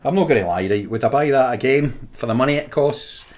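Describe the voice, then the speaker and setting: A man's voice: mid-range voice, brisk, a little mellow. A Scottish man co-hosting a podcast, chatting casually, laughing readily and trailing off mid-sentence. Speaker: podcast co-host. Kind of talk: casual chat.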